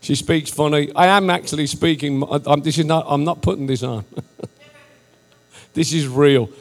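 A man preaching to a church, joking and animated, laughing often and rising almost to a shout. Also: fairly high pitch, normal speed. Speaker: visiting missionary preacher. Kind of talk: sermon, casual and joking. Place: large church hall. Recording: live church hall with reverb and faint music.

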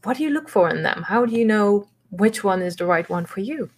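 A woman hosting an interview, agreeing and asking quick follow-up questions. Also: mid-range voice, animated. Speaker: interviewer host. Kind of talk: casual interview talk.

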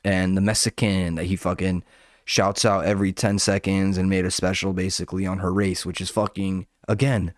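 A man's voice: deep voice, flat delivery, normal speed, dry recording, clean studio sound. A man ranting casually about online drama, profane and rambling, often breaking off and jumping between points. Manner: profane, rambling, self-interrupting. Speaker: commentator.

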